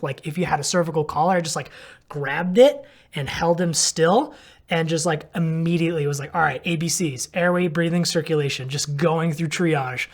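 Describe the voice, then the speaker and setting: A man's voice: sits high, a bit bright. A man, a physical therapist, casually retelling a story and filling it with "like" while acting out his own thoughts. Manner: rambling, heavy on "like", acts out his own thoughts.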